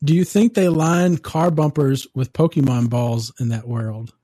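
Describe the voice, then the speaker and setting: A man's voice: mid-range voice, fairly even intonation, measured pace, crowd noise. A man chatting casually as a podcast co-host, rambling and laid-back, cursing and laughing at his own ideas. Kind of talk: casual chat.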